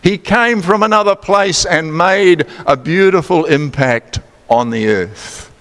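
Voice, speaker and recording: This New Zealand-accented preacher takes his time, his slightly high voice carrying a bit of brightness. He keeps the sermon chatty and playful, questioning the congregation and adding teasing remarks, all echoing through a church sanctuary's long reverb.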